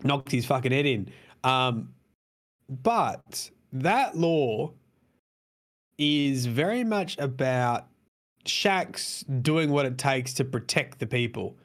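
A man's voice: medium pitch, lively intonation, slow, a bit bright. Rambling man in casual chat. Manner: rambling, swears casually, many fillers. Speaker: podcast co-host.

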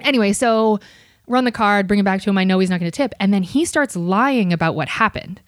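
A woman podcast host telling a story in a casual, animated, profane, jokey way. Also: mid-range voice, fairly quick, dry recording, studio quality.

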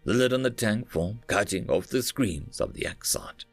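Male storyteller, gravelly and animated, dry sound with faint music under. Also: on the low side, moderate pace, dry recording. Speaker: narrator. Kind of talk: storybook narration.

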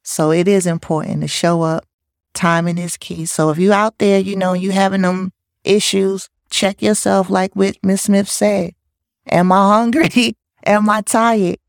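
A woman talks through relationship advice in an easy, conversational way. She laughs often and jumps into lively, playful impressions when she quotes people. Her voice sits in a middle register, and the recording is close and dry with no room sound. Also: mid-range voice, a little slow, vocal fry, no room sound. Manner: lively, laughs often, animated quoting of others. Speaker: podcast co-host. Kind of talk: casual advice talk.

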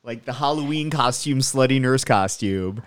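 A man's voice: medium pitch, normal speed, no echo. A man co-hosting a podcast in casual chat, reacting to a movie with lots of "like" and restarts. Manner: chatty, leans on "like" and restarts. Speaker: podcast co-host.

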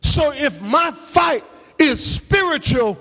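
A man preaching a sermon as pastor, calling out to the congregation and rising into shouts and half-sung lines. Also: extremely high pitch, expressive, takes it slowly, gravelly, big-room sound. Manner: call-and-response preaching, shouting and half-singing. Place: church sanctuary.

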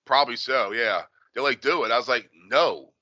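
A man in his forties, a podcast co-host, telling stories in a profane, animated, casual way. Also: medium pitch, normal speed, no echo, highs cut off. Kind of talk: casual chat.

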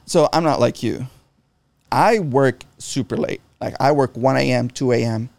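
A man's voice: mid-range voice, moderate pace, vocal fry, darkish tone, dry recording. A middle-aged man in casual chat, talking bluntly with lots of swearing and restarts. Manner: blunt and profane, frequent restarts.

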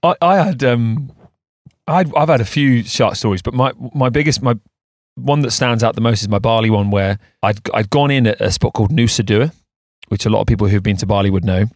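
A podcast co-host with a mid-range voice talks briskly in casual chat, recorded close-mic and dry. He's a rambling storyteller who restarts his sentences many times.

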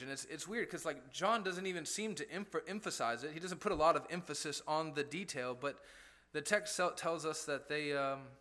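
Bright, bouncy preaching man. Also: a little high. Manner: conversational preaching with rhetorical questions. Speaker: pastor. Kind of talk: sermon.

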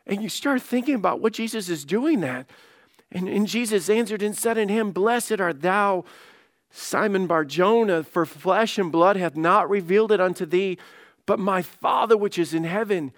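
High-voiced conversational male pastor. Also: moderate pace, no echo, studio quality. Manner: conversational, restarts words, acts out quotes. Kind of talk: sermon.

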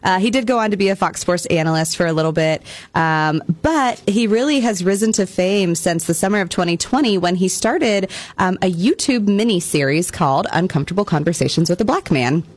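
A woman with a Bronx accent co-hosting a library radio show, talking casually and pausing often on um and uh. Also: on the low side, expressive, no room sound. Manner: chatty, halting with many ums.

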